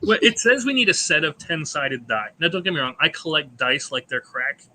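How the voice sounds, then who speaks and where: A man's voice: fairly high pitch, very animated, a little fast, sharp tone, a little hiss or hum, rough recording. A man who designs indie games chats eagerly in a convention panel, rambling with many restarts. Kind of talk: casual convention panel chat.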